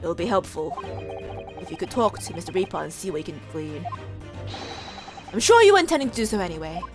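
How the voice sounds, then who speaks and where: A woman's voice: lowish voice, sing-song, fairly quick, music in the background, voice pushed down. A woman putting on a grandiose male detective. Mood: anguished. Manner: dramatic, grandiose. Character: theatrical male great detective.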